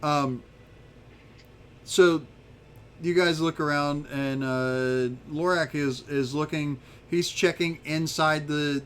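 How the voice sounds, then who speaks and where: A man narrating a tabletop game as game master, casual and halting with many fillers. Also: mid-range voice, a little hiss or hum.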